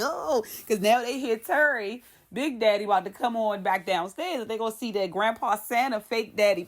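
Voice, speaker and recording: A woman giving a casual commentary recap of a TV episode, telling the story lively, laughing and acting out the characters' lines. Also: medium pitch. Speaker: TV show commentator.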